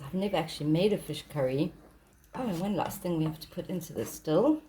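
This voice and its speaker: A woman's voice: lowish voice, animated, brisk, mellow, slight background noise. A woman cooking and plating food for a vlog, chatting cheerfully and laughing often. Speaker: vlog co-host and cook. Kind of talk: casual cooking chat.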